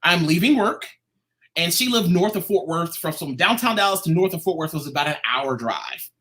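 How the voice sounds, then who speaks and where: A man, a guest artist in an interview, telling a personal story in a lively, casual way. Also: on the high side, brisk. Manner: animated, acts out quoted voices.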